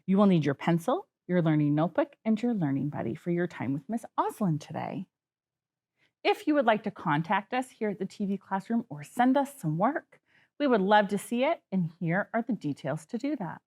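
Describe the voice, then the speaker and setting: A woman's voice: medium pitch, big pitch swings, moderate pace, darkish tone. A woman teacher wrapping up a televised kindergarten lesson in a sing-song, encouraging way. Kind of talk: classroom broadcast wrap-up.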